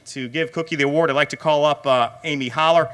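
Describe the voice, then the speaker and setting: A man's voice: fairly high pitch, steady tone, quick pace, a bit bright, smooth. A middle-aged man emceeing an awards banquet, talking in a rambling way with many fillers. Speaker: director of racing, emcee.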